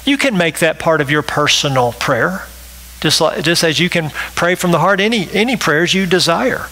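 A man's voice: a little high, lively intonation, normal speed, bright, forceful tone, poor audio. A male pastor delivering a sermon, emphatic and repetitive, often checking in with the congregation with a rhetorical "right?".

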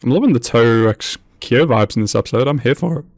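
A man talks through an anime episode as he watches it, chuckling and commenting in a loose, amused way. His voice sits at an ordinary middle pitch. The sound is dry and close, with no room echo. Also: animated, fast, a little mellow. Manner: laughs often, amused running commentary. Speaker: anime reaction host. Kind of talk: casual reaction commentary.

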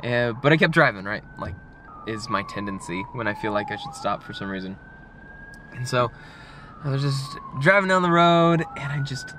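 Animated young man vlogging, bright voice. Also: fairly high pitch, normal speed, slight background noise. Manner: animated, chatty, laughs often. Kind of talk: casual vlog talk to camera. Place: gym parking area.

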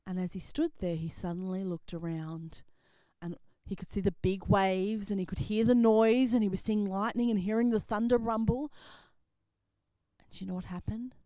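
Woman, children's Bible storyteller, animated, whispers and exclaims, dry sound. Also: mid-range voice, moderate pace, no echo. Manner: expressive, drops to whispers and jumps to loud exclaims. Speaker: children's ministry presenter.

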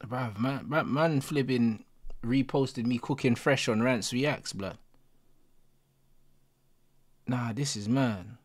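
A young man, reacting live to a football match as a streamer, excitable and full of slang. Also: medium pitch, unhurried. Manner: excitable, slangy, repeating exclamations. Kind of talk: live watch-along reaction.

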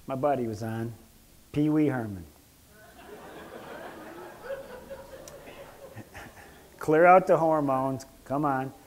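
A man giving a casual health lecture as a doctor, joking and rambling, clearing his throat often. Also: fairly high pitch, huge pitch swings, extremely slow, pauses often, slight background noise.

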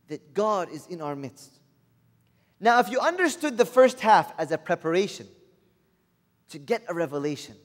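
Brief: male preacher, high voice, earnest sermon full of rhetorical questions, long hall reverb.

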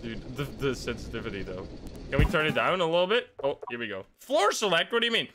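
A man's voice: mid-range voice, big pitch swings, quick pace, noisy background. A young man streaming a video game live, reacting with laughter, surprise and swearing as he plays. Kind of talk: live gameplay commentary. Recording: game music under voice. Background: game music.

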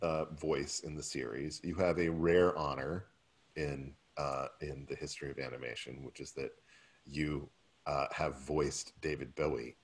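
Low-voiced male podcast host. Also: fairly even intonation, a little slow. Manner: interjecting, laughs often. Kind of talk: casual interview chat.

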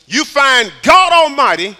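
A man preaches a sermon in a high, sharply bright voice. He sinks to near-whispers, then builds to shouted, repeated questions. His phrasing turns folksy and streetwise. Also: sing-song, unhurried. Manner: preaching with swings from hushed to shouted calls. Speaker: pastor. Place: church sanctuary.

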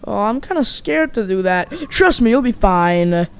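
A performer voicing every character in a comedic animated skit, switching between goofy character voices. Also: mid-range voice, normal speed, creaky, smooth. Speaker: voice actor for all characters. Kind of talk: comedic machinima voice acting.

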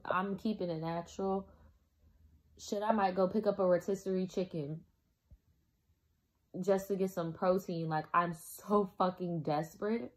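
A young woman, sick and exhausted, recording a video diary as an emotional, profane rant. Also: lowish voice. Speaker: vlogger.

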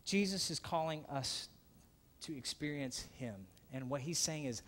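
A man's voice: a little high, animated, a little slow. Earnest male pastor preaching. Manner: earnest, swings from emphatic to hushed. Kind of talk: sermon.

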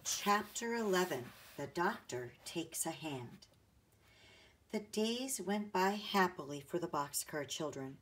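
A woman narrating a children's chapter book in a gentle, read-aloud manner. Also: on the low side, animated, slow, slightly rough. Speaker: audiobook narrator. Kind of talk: storybook narration.

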